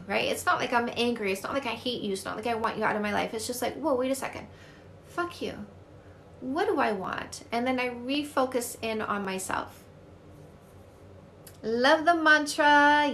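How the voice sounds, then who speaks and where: A woman's voice: on the high side, lively intonation, moderate pace, a bit bright, slight background noise. A woman from Canada, a dating coach, answering viewer comments on a live stream in a blunt, upbeat way and swearing casually.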